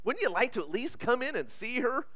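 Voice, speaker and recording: A man's voice: very high-pitched, sing-song, brisk, sharp tone, pitched above the performer's own voice, heavily acted. Bubbly lady nurse, coaxing and sing-songy, goes way up and down, a preacher doing her. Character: excited cheerful woman nurse at a birth.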